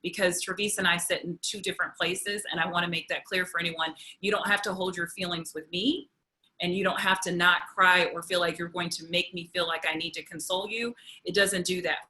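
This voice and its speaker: A woman's voice: fairly low pitch, fairly even intonation, a little fast, sharp tone, poor audio. A woman speaking as a panelist and counselor in a roundtable over a video call, reflective and questioning.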